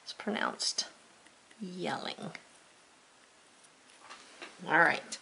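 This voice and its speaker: A middle-aged woman who teaches a friendly home video lesson for children, speaking slowly and clearly as she writes and encouraging them as she goes. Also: fairly low pitch, wildly swooping pitch, pushed and bright, whispered. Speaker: homeschool teacher.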